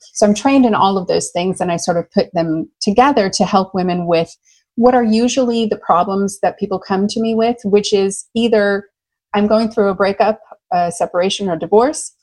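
An American woman speaks as a guest in an interview, expressive and enthusiastic as she tells her stories. Her voice sits at an ordinary middle pitch for a woman. She talks with a big, lively personality. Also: rough recording. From United States. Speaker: love coach and guest. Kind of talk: conversational interview.

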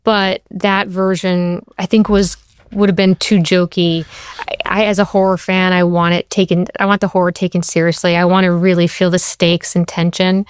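Woman TV writer being interviewed, smooth low voice, dry close sound. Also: flat delivery, normal speed, no echo. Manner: storytelling, quotes people in shifted voices. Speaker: TV writer and show creator.

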